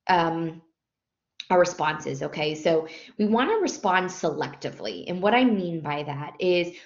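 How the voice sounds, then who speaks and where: A woman's voice: lowish voice, lively intonation, a little slow. A woman giving a recorded nursing lecture in a conversational way, with frequent ums and self-corrections. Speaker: nursing instructor. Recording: dull, roomy lecture audio.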